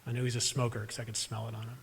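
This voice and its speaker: A man's voice: mid-range voice, monotone, very fast, creaky, a little hiss or hum. A man preaching a sermon as pastor, telling a personal story conversationally with self-deprecating asides to the congregation. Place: church sanctuary during a live service. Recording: echoey church hall.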